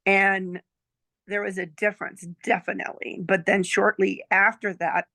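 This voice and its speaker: Brief: gravelly-voiced woman in her sixties, chatty storyteller, dry close sound. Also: mid-range voice, little pitch movement, moderate pace, pushed and bright, dry recording. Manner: chatty, checks in with "okay?" and "right?". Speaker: client giving a testimonial. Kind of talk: casual storytelling chat.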